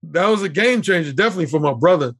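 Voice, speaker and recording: Middle-aged male guest, lively storyteller, raspy with a fry-tinged tone. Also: a little high, very fast. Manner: vivid storyteller who acts out quoted dialogue. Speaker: podcast guest. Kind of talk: storytelling in conversation.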